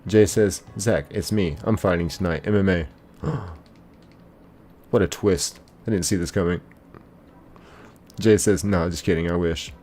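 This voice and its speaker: Hosting a live game stream, a young man chats at normal speed in a low-pitched voice. He stays laid-back and talkative, reading out comments from viewers and greeting each warmly by name.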